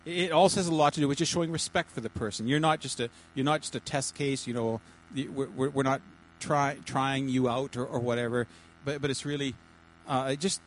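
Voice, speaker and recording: Halting, chatty man teaching a church group. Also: on the high side, slight background noise, low-quality recording. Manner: halting, many repeated words and restarts; chatty, jokey asides. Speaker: pastor teaching a small group.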